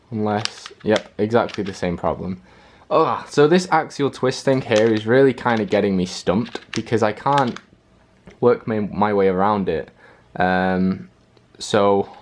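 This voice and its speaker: A young man with a fairly low voice talks his way through a puzzle solve at his desk indoors. He thinks aloud, pausing often with ums and uhs. His delivery is casual and unpolished, like someone working it out in real time. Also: darkish tone. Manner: hesitant, thinks aloud with many fillers. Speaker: puzzle-solving video host.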